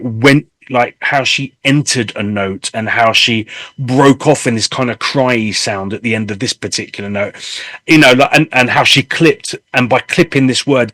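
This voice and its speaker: A man's voice: mid-range voice, no echo. Candid man in his fifties. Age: 50s. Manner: candid, animated storytelling with swearing. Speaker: host and singer. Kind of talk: casual interview chat.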